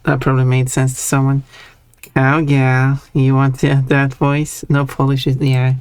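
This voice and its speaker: A woman's voice: a bass voice, a little slow, smooth. A woman streaming a game, chatting casually and laughing now and then as she browses options. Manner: relaxed, chatty, laughs often. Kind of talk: casual gameplay commentary. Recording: game music playing behind.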